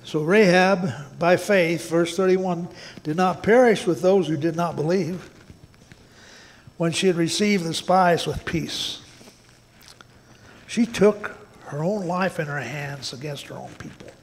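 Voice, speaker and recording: Pastor guy preaching, folksy, kinda high gravelly voice, church hall echo. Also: takes it slowly. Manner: folksy, repeats words, says "man" often. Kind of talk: sermon. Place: church sanctuary.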